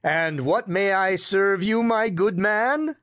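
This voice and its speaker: A man voicing a calm, firm older grandfather who runs an inn. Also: sits high, takes it slowly, no room sound, studio quality, pitched above the performer's own voice. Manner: firm, commanding.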